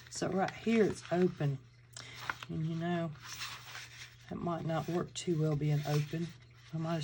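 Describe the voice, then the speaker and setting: Walking viewers through a crafting tutorial, a Georgia woman with a Southern accent chats and thinks aloud as she goes; she hosts a crafting channel. Her low, mellow voice comes with slight background noise.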